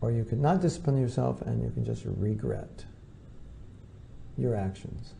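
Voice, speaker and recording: With a dark, very mellow, mid-range voice carrying a gravelly edge, a man gives a relaxed spiritual talk as a teacher, moving at a moderate pace. He imitates the people he quotes while speaking conversationally, and there is a little hiss or hum in the audio.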